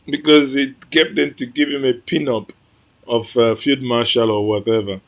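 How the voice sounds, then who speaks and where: A man's voice: medium pitch, fairly even intonation, moderate pace. A man with a Nigerian accent giving impassioned commentary as host, emotional and exclamatory, repeating phrases for emphasis. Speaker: host reacting to an archive clip.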